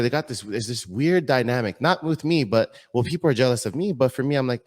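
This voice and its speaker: Earnest fitness guest man, mid pitch. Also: fast, hardly any pauses. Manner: earnest, excitable, repeats words. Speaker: podcast guest, fitness model. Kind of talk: casual podcast chat.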